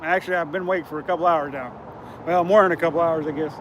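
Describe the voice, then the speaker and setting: Man, high-pitched and hoarse, rambling outdoor stream host, chatty and easygoing. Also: fast, fairly bright tone, slight background noise. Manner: chatty, rambling, repeats himself. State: hoarse, scratchy throat. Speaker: fishing livestream host. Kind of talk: casual live-stream chat. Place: outdoors on a riverbank.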